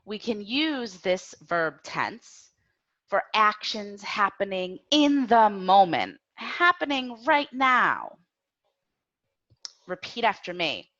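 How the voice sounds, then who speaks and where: Slow, lively woman teaching English. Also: medium pitch, muffled recording. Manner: slow, clear, drills learners with repetition. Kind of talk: grammar lesson.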